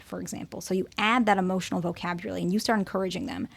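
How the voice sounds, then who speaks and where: A woman's voice: medium pitch, steady tone, very fast, gravelly, few pauses. A woman therapist talking through relationship advice in an earnest way, using everyday examples and repeating words for emphasis. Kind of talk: advice talk to camera.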